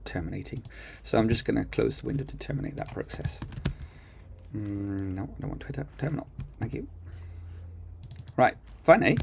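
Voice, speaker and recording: Using his computer mic while screen recording, a coding teacher chats enthusiastically through a tutorial, thinking aloud and saying um a lot. His fairly low voice is husky and darkish, with vocal fry, at a normal speed.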